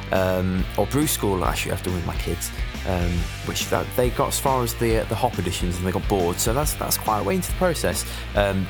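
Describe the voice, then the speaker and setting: A man hosting a podcast, reading chatty plugs and promos with a lot of ums before an interview. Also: on the low side. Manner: chatty, upbeat plugging, filler-heavy. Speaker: podcast host. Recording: guitar music playing behind.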